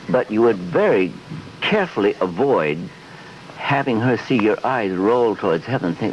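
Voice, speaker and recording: A man's voice: mid-range voice, normal speed. A man in his fifties in a television interview, rambling and acting out little scenes in other voices. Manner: rambling, animated, acts out quotes in voices. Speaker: interview guest. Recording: dull lo-fi 1970s archive audio with faint hiss.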